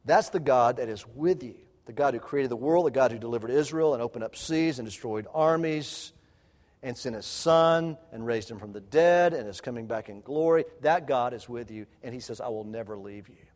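A man preaching a sermon to parents, acting out quoted lines and dropping to quiet, low asides. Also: moderate pace. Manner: animated preaching, acts out quotes, drops to soft low asides. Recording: long hall reverb.

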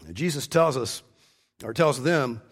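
A man's voice: mid-range voice, lively intonation, slightly rough. Male preacher, middle voice, earnest expository sermon style, emphatic stresses, repeats himself. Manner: earnest, stresses key words slowly, frequent word repeats.

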